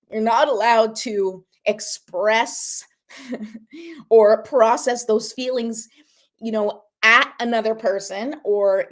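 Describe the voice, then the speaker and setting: A woman's voice: fairly high pitch, slightly rough. A woman hosting a self-help talk, coaching her listeners directly with earnest, repetitive emphasis and frequent check-ins.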